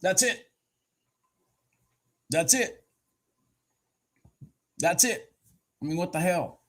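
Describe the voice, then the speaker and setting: A man giving casual live commentary on his futures trades, excitable and swearing freely as he talks to himself and his viewers. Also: high voice, very slow.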